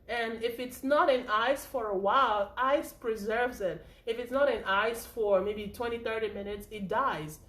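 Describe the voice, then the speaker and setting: A woman teaching first aid in a chatty, informal way, often checking in with "okay?" and "right?". She sounds a little out of breath, and her voice rings in an echoey room at a mid pitch. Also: normal speed, hardly any pauses. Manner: chatty, repeats points with frequent "okay?" and "right?". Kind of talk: informal spoken lesson.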